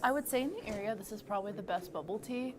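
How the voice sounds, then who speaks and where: A woman from the Washington DC area, relaxed, answering as a customer in an interview. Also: medium pitch, fast talker, background noise. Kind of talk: casual interview.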